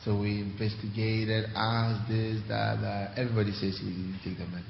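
Male preacher, forceful rhetorical sermon, long hall reverb. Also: fairly low pitch, level tone, moderate pace, vocal fry, noisy background. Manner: emphatic, swings from quiet to loud, rhetorical questions. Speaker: bishop, preacher. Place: large church hall. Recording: echoey hall, muffled.

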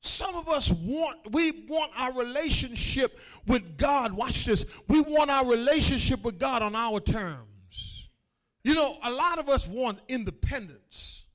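A male pastor preaching a sermon in a call-and-response style, building from spoken lines to shouted, sung-out phrases. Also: very high-pitched, expressive, measured pace.

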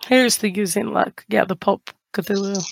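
A woman's voice: medium pitch, moderate pace, creaky, slightly rough, dry recording, studio quality. A woman playing a tabletop game, casual and joking. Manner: joking, playful. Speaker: player.

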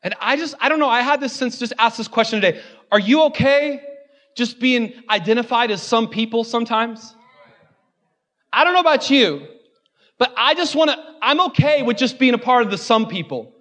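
A high-voiced male pastor preaches a sermon in a church. He slips in playful, joking asides and then climbs into fervent, repeated refrains. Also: animated, normal speed, fairly bright tone.

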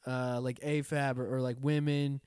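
A man's voice: mid-range voice, normal speed, smooth, no room sound, studio quality. A man in casual, profane group chat, telling a story with lots of swearing and acting out the lines of the people in it. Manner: animated storytelling, acts out quoted lines, frequent swearing.

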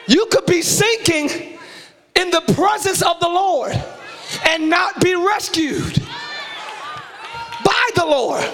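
High, bright, shouting preacher man. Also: slow, long pauses, some chatter behind, a little hiss or hum. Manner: shouting, hyped preaching with call-and-response. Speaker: pastor. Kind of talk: energetic live sermon. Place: large church sanctuary with congregation.

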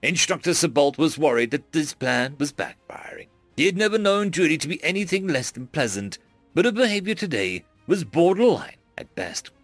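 A man narrates a scripted story with expressive delivery. His voice sits a little high and moves with lively pitch. The sound is close and dry, with faint music underneath. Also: moderate pace, no room sound.

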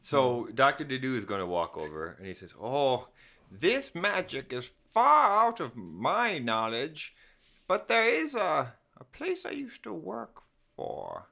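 A man speaks for his character at a tabletop game in a halting, giggly way. His voice is gravelly and bright, and it swoops widely at a slow pace. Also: mid-range voice, wildly swooping pitch. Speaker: player.

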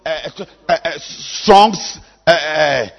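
A man, preaching a sermon as a pastor, swinging from low musing to loud exhortation. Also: extremely slow. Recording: long hall reverb.

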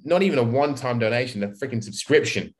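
A man, a marketing expert and guest on a podcast, talking in a relaxed, rambling way and acting out quoted speech. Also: mid-range voice, fast talker. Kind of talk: casual podcast chat.

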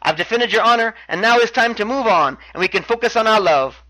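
A man's voice: high-pitched, lively intonation, a little fast, sharp tone, poor audio. A man voicing a cocky male wrestler boasting to his sweetheart after beating a rival. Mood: boastful. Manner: boastful, showy.

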